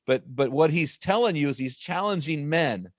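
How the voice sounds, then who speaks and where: A man's voice: a little high, animated, no room sound. Emphatic preacherly man, dry sound. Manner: emphatic, preacherly, with quick asides and restarts. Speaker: author and guest. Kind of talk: conversational teaching on faith and marriage.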